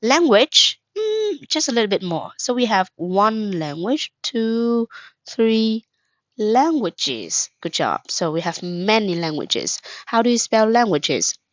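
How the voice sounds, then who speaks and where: A woman's voice: a little high, sing-song, takes it slowly, no echo, highs cut off. A woman teaching an English lesson, patient, asking questions, praising and spelling words out, with a mother tongue. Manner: patient, asks questions then praises, glosses words in Vietnamese.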